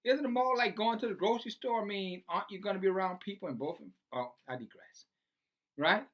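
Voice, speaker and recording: An online commentator reads news aloud and preaches about it sarcastically, piling on rhetorical questions. The voice is medium-pitched and fast.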